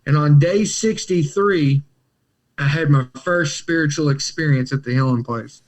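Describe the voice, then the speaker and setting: A man in recovery, appearing as a guest, recounts his story in casual Southern slang, animatedly acting out other people's words in character voices. His voice is on the high side and unhurried.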